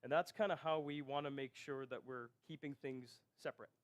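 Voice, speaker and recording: Fairly quick and fairly even in intonation, a man's mid-range voice carries a technical conference talk. He lays out each step in an explanatory way and frequently checks in with listeners by asking "right?"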